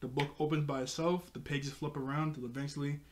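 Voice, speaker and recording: A man's voice: on the high side, steady tone, fairly quick, background noise. A man casually recapping a cartoon episode, rambling with many fillers and frequent laughs.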